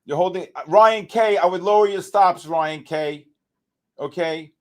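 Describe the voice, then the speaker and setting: Excitable high-voiced trading stream host. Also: male voice, measured pace. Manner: excitable, exclamatory, calls out viewers by name. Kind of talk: live market commentary.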